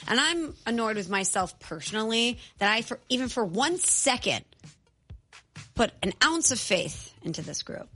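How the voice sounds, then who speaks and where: A woman's voice: fairly high pitch, very animated, moderate pace, sharp tone, husky, soft background music. A woman co-hosting a sports talk show, making skeptical, punchy arguments. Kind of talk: sports debate chat.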